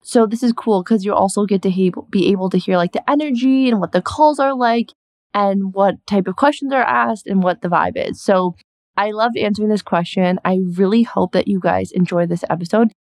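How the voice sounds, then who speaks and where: A woman's voice: medium pitch, normal speed, darkish tone. A young woman hosting her own podcast, talking in a bubbly, effusive, casual way with lots of "like" as a business coach.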